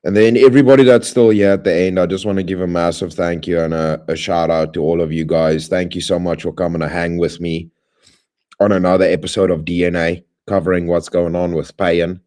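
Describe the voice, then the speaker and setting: A man hosting a livestream, closing with rambling, friendly shout-outs to viewers in playful slang. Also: low-pitched, flat delivery, brisk. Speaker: livestream host. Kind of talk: casual stream sign-off.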